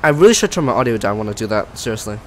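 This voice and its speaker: A man's voice: on the low side, sing-song, very fast, slight background noise, rough recording. A man casually commenting on his flight sim stream, chatty and self-mocking, often trailing off and restarting.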